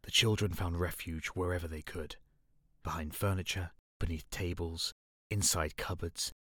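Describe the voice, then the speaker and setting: A man narrating audiobooks in an expressive, dramatic way. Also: low voice, moderate pace, no echo, clean studio sound. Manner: expressive, dramatic, shifts voice for characters.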